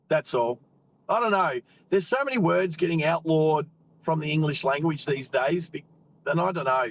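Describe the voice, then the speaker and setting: Australian man, fairly high voice, relaxed rambling live-stream chat, greeting viewers, talking while driving. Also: normal speed, poor audio.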